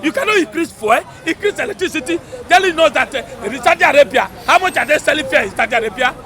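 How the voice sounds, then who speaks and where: A man with a Nigerian accent, talking loudly and emphatically in a rambling street interview. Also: extremely high pitch, lively intonation, quick pace. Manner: fervent, loud, rambling and emphatic. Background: crowd noise.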